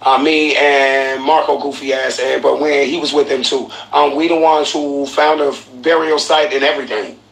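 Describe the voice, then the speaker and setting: Gravelly excitable man in echoey room. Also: mid-range voice, moderate pace, hardly any pauses. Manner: excitable, profane, acts out quotes. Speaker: podcast host. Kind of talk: animated storytelling commentary. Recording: roomy echoey room, faint noise.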